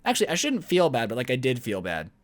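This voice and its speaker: A young man vlogging a storytime as a YouTuber, with an energetic, joking, slangy delivery. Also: mid-range voice, fast talker. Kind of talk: storytime vlog.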